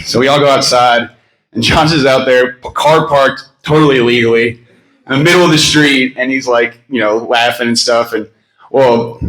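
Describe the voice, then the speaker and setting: A thirties-aged man speaks at a memorial gathering in an echoey room, his mid-range voice carrying a fairly bright tone. He offers a rambling eulogy made of personal stories, fillers and laughter, captured on poor audio.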